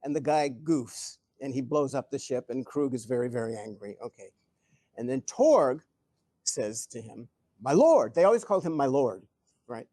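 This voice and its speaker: An older man answering audience questions at a live event, telling stories in an animated way, chuckling and often restarting his sentences. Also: medium pitch, normal speed, no echo. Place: event hall before an audience.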